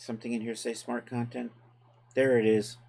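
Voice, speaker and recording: A man with a gravelly, mid-range voice speaks at normal speed while hosting a live 3D software tutorial. Relaxed and chatty, he talks casually to his chat, working through steps and thinking aloud.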